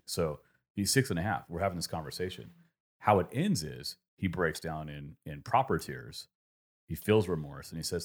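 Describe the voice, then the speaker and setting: A man's voice: very deep voice, brisk. A man in his thirties talking reflectively in a casual conversation, rambling through a story with many fillers.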